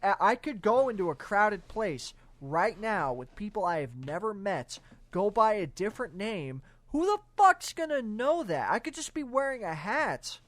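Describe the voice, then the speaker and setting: A man's voice: high-pitched, very animated, normal speed, fairly bright tone, no echo. A young man co-hosting a casual movie-riffing podcast, ranting crudely and with lots of energy. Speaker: podcast co-host.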